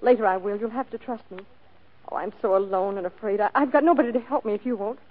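A woman's voice: mid-range voice, steady tone, fast, lightly acted. An actress playing a scheming young woman who pleads dramatically for help in a vintage radio drama. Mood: pleading. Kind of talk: 1940s radio acting. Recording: tinny old radio broadcast recording.

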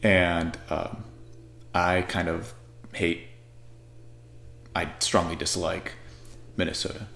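A man's voice: low voice, gravelly, sharp tone, reverberant, slight background noise. A man from Arizona talking in a rambling, joking casual monologue.

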